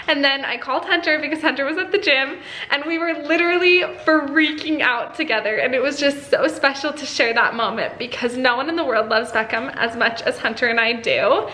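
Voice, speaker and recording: A woman vlogging at home as a mother, talking excitedly and directly to her viewers. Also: sits high, normal speed, a little hiss or hum. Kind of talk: casual chat to camera. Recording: roomy echo.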